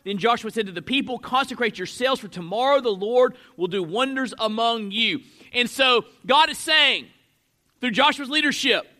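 Man, pastor, sermon, very high voice, bright tone, emphatic. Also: normal speed. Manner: emphatic, stretches key words with sudden swells in loudness. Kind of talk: expository sermon.

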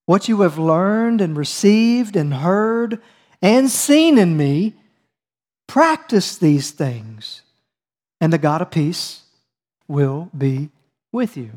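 A man's voice: fairly high pitch, lively intonation, slow, pauses often, a little mellow. A man preaching a teaching sermon, reading scripture and calling on his listeners to answer aloud. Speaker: preacher leading a Bible study.

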